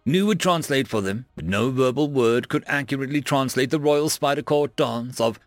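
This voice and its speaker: A man narrating a fantasy story in an expressive storytelling manner. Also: mid-range voice, normal speed, few pauses, no room sound, faint music behind.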